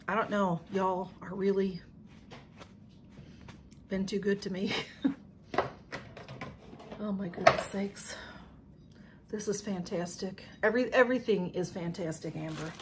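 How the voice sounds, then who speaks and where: A woman's voice: medium pitch, fairly even intonation, normal speed, gravelly, long pauses, slight background noise. A woman chatting casually to her camera as a vlogger, gushing with emotion and thanking over and over. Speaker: YouTube vlogger. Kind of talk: casual unboxing chat to camera.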